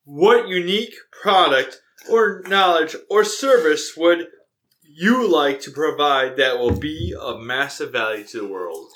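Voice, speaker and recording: A man asking interview questions read from his notes, brisk, stumbling now and then and apologizing. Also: a little high, lively intonation, a bit bright.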